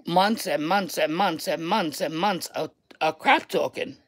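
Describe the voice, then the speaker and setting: A woman with a New York accent ranting on a livestream to her viewers, loud and blunt, repeating herself for emphasis and swearing. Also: mid-range voice, poor audio. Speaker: online creator.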